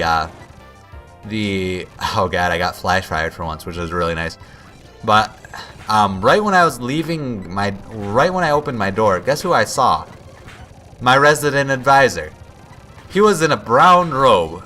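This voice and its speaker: A young adult gameplay commentator, his voice lowish, pushed, and bright, shares a rambling story as he plays. He keeps breaking off to restart sentences and quoting himself.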